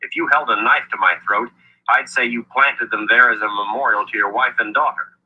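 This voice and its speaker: A man voicing a blunt, impatient young male hero, with a husky voice, in an audiobook reading. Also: medium pitch, moderate pace, phone-quality sound, voice pushed up, natural voice.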